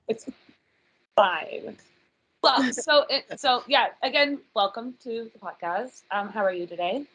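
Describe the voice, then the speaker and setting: A woman's voice: a little high, takes it slowly, pauses often, fairly bright tone, husky, poor audio. A woman in her thirties hosting a casual podcast chat, chatty and self-deprecating, often apologizing for her swearing. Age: 30s. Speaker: podcast host.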